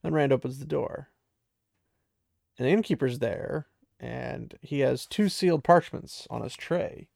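Casual guy recapping a book, gravelly voice, dry close sound, laughs a lot. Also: medium pitch, a little slow, darkish tone, no echo. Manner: chatty, laughs often, many fillers.

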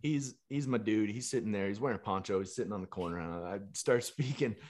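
A man in his thirties spins a casual story in a somewhat low voice. He is animated and loose, laughing often and dropping the odd curse word. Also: fast. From Canada. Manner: animated, laughing, swears freely. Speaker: musician and fitness coach.

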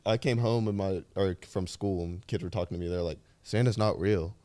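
A man on a podcast, casually telling a story in an expressive, dramatic way. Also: sits low, fairly quick. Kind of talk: casual chat.

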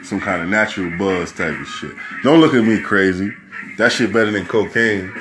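A man's voice: on the low side, moderate pace, over music. A man hosting a podcast, riffing brashly and rambling through news stories with constant swearing. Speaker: podcast host. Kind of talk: profane news commentary podcast.

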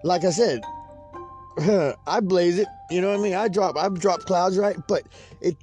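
A man from California's Central Valley with a high voice tells a rambling story packed with swearing. He laughs at his own tale as he goes. Faint music plays under him. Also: measured pace, a little mellow. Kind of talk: casual profane storytelling monologue.

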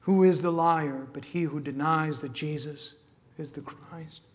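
Impassioned male preacher, slightly high voice, big church reverb. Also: fairly even intonation, unhurried. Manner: impassioned, swings from shouting to hushed. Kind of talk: sermon. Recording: long hall reverb.

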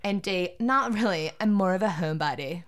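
A woman's voice: on the low side, fairly quick. Australian woman co-host, playful and chatty, reads quiz answers with flair. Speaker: podcast co-host reading a quiz. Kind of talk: casual chat.

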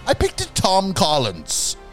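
Lively, loose-talking male podcast host. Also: high-pitched, takes it slowly, over music. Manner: loose, swearing, lively delivery. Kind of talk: casual chat.

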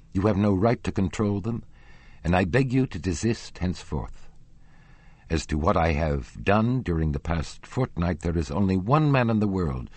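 A man's voice: low-pitched, a little mellow, slightly rough, no echo. Christine, a man reading a proud young woman. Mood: haughty.

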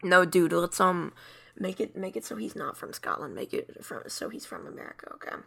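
Gravelly, husky young woman in playful chat. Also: lowish voice, expressive, a little fast, bright, forceful tone. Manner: playful, bossy about scene setup. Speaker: improv player. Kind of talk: casual improv chat.

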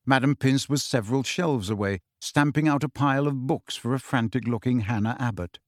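A man reading a novel aloud as an audiobook narrator, in a measured, deliberate manner. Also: mid-range voice, no echo, clean studio sound. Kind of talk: scripted narration.

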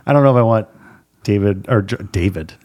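A man hosting a podcast, chatting casually in a rambling, halting way that often restarts sentences. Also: fairly low pitch, lively intonation, darkish tone, no room sound, studio quality. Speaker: podcast host. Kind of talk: casual chat.

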